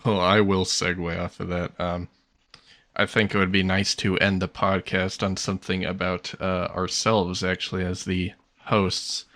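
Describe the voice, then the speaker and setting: A man's voice: low voice, monotone, normal speed, fairly bright tone, no echo. A young man co-hosting a podcast, making laid-back, dry remarks in slang. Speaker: podcast co-host. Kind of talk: casual podcast chat.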